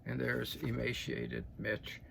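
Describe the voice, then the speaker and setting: Here an older man, a political commentator, speaks slowly but very animatedly at medium pitch, his voice creaky and a bit bright. His opinionated news talk is folksy and emphatic, full of restarts and "okay?" check-ins, with a little hiss or hum behind it.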